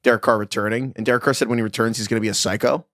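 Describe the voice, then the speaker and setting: A man's voice: fairly low pitch, steady tone, very fast, fairly bright tone, no room sound, clean studio sound. A man co-hosting a fantasy football podcast, joking and riffing in casual chat. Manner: jokey, riffing, frequent restarts. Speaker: podcast co-host.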